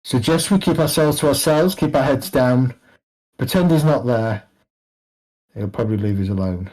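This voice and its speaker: A man voicing a cautious male companion in a tavern, who talks in a hushed, hurried way. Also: mid-range voice, natural voice, rough recording. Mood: wary.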